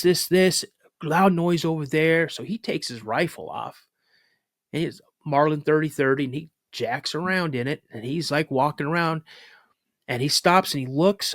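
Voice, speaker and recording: Male guest, mid-range voice, lively halting storytelling, dry recording. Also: medium pitch, dry recording. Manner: animated retelling with restarts and acted-out quotes. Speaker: podcast guest, cryptid researcher. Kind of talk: casual personal storytelling.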